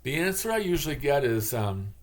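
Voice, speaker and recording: A man's voice: medium pitch, sing-song, a little fast. A man from Michigan with a Michigan accent, rambling in a casual, digressive monologue and acting out the voices he quotes. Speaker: channel host.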